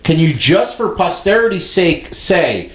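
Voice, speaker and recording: A man co-hosting a podcast, excitable and profane, laughing often. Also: fairly high pitch, unhurried. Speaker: podcast co-host. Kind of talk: casual podcast banter. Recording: echoey room with background noise.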